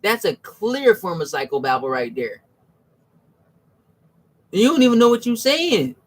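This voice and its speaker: A man talking casually about religion, slangy and restless, repeating "you know what I'm saying" and restarting his sentences. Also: a little slow. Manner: animated, swings from low mutters to high exclamations. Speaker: religious commentator. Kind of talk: casual spoken monologue.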